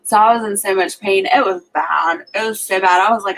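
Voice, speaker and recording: A woman's voice: medium pitch, a little fast, fairly bright tone, low-quality recording. A young woman co-hosting a livestream, chatting casually and telling personal stories with lots of "like" fillers. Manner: chatty storytelling, frequent "like" fillers. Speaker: livestream co-host. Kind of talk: casual chat.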